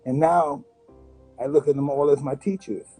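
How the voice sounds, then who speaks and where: A man in his fifties from the United States, a guest in an interview, telling blunt, animated stories and acting out other people's voices. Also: fairly high pitch, moderate pace, slightly rough, soft background music, low-quality recording. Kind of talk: candid interview storytelling.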